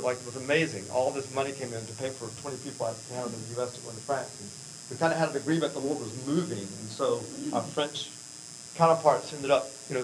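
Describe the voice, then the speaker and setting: A man's voice: medium pitch, slight background noise, low-quality recording. Earnest American man at a church talk. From United States. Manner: earnest, rambling, with frequent fillers and restarts. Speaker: mission speaker.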